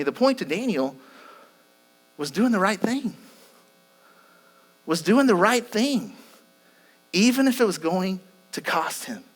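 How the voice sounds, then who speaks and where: High-voiced preacher retelling a story. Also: male voice, animated, unhurried, long pauses, a bit bright. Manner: earnest storytelling, frequent repetitions and restarts. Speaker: pastor. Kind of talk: sermon.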